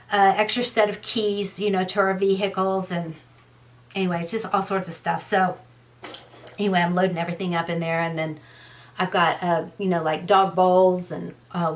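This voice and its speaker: A woman's voice: on the low side, a bit bright. A middle-aged woman tells a story in a casual, rambling way while doing her makeup, with many "you know" fillers. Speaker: beauty vlogger.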